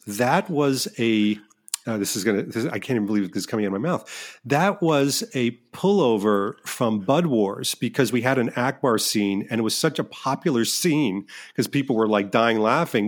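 A middle-aged man, a filmmaker guest in a casual interview, telling stories in an animated, self-deprecating way with many restarts. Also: mid-range voice, moderate pace.

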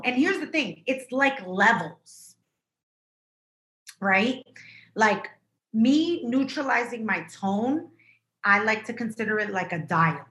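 A woman co-hosting a podcast over a video call, chatting casually in an animated, emphatic way. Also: a little high, takes it slowly, roomy sound. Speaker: podcast co-host. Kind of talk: casual chat.

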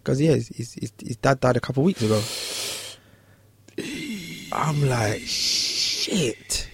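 A fast-talking barber with a creaky, husky voice shares a story in casual conversation. Animated throughout, he imitates the people involved by pitching his voice up high.

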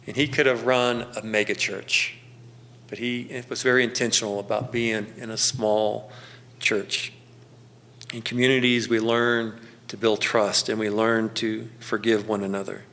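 A man's voice: lowish voice, little pitch movement, a bit bright. A man preaching a sermon as pastor, in a folksy storytelling manner with frequent chuckles. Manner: folksy storytelling, slows down for emphasis, chuckles often.

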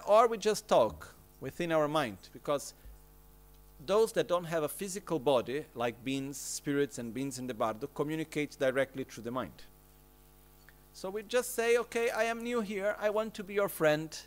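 A man teaching Buddhist practice in a gentle, conversational way, often checking in with his listeners. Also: fairly high pitch. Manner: gentle, keeps checking in with "okay?" and "no?"; plain conversational explanations with everyday examples. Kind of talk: Dharma teaching commentary.

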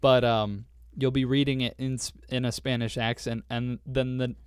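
A young man chats loosely as a podcast co-host, rambling from thought to thought with a casual curse here and there. His voice sits at an ordinary middle pitch. The mic is close and dry. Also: little pitch movement, moderate pace, clean tone, no echo. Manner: rambling, swears casually, laughs often. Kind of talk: casual chat.

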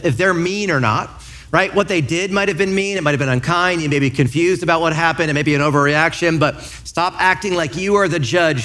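A man in his thirties, a pastor preaching a sermon in church, telling lively stories and acting out quotes. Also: on the high side. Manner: lively storytelling with acted-out quotes.

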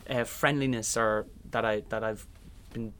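A man's voice: on the low side, steady tone, unhurried, a bit bright, a little hiss or hum. A young Irish man, a musical theatre actor, chatting in an interview and acting out little voices in his stories. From Ireland. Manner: chatty storyteller, acts out voices in anecdotes. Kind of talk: casual interview chat.

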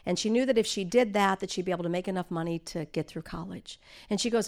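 A woman's voice: medium pitch, fast, hardly any pauses. A middle-aged woman giving a sermon, telling personal stories in an earnest way and building to emphatic exhortation. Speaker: speaker at a church.

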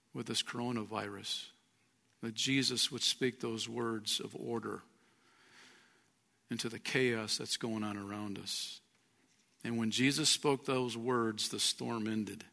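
A man's voice: medium pitch, steady tone, unhurried, vocal fry, pauses often, bright, forceful tone. A man preaching a sermon as pastor, earnest, rising and falling in volume. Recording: long reverb of a large hall.

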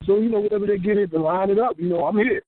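A man talking as a guest in a relaxed, casual way about what he does now. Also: high-pitched, racing, no room sound. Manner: relaxed, shrugs things off. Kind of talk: casual chat. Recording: tinny phone line.

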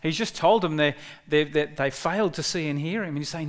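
A man preaching a sermon in a conversational way, with frequent restarts and bursts of excitement when quoting. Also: fairly high pitch, a little fast. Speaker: pastor.

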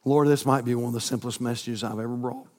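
A man, preaching a sermon as pastor, climbing to near-shouts and dropping to soft prayer. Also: mid-range voice, fairly even intonation, quick pace. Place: church sanctuary. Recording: long reverb in a church hall.

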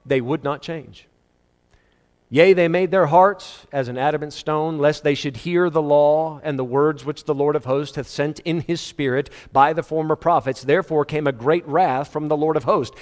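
A man preaching an expository sermon, reading scripture aloud and swinging between loud emphatic cries and low quiet asides. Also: moderate pace, in a large hall.

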